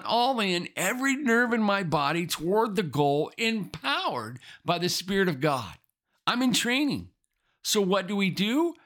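A man's voice: high voice, fairly bright tone. A man preaching as a pastor, telling stories and emphatically repeating his key phrases. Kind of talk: sermon.

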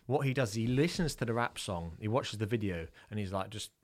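A man's voice: fairly low pitch, animated, brisk. A man hosting a podcast, talking casually and hesitantly with many restarts.

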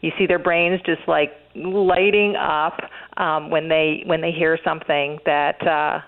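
A woman's voice: deep voice, steady tone, measured pace. A woman being interviewed, talking earnestly with many fillers and restarts. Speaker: interview guest, author. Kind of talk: radio interview, conversational. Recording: phone-line interview audio.

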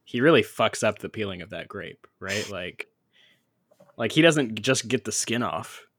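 A man's voice: on the low side, animated, measured pace, fairly bright tone, husky, dry recording. A man hosting a casual movie podcast, laid-back and jokey, swearing freely. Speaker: podcast host. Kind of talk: casual chat.

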